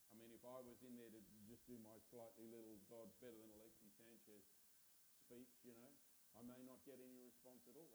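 A man's voice: mid-range voice, reverberant, background noise. A man preaching a sermon in a church, talking conversationally and pressing his points hard, and asking the congregation to answer back. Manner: conversational, emphatic, asks the congregation to respond.

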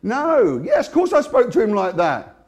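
A British man giving a testimony sermon, storytelling with energy and laughing often, swinging between hushed and loud. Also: extremely high pitch, wildly swooping pitch, normal speed. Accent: British English. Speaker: Christian speaker.

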